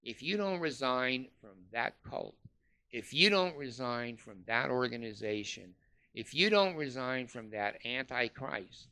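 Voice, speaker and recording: A man's voice: mid-range voice, expressive, unhurried, bright, forceful tone, clear, resonant tone. A man delivering a scornful, profane ranting monologue, full of uh fillers. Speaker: commentator.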